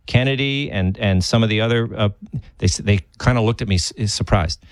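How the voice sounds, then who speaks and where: A man co-hosting a casual political chat, talking in a rambling, animated way that jumps up in pitch when he stresses a point. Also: brisk, clean tone, no echo. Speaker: co-host.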